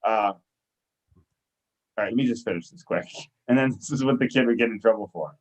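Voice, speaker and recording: A man hosting a podcast in casual chat, telling animated stories full of fillers. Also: lowish voice, brisk, poor audio. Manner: animated storytelling, filler-heavy. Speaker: podcast host.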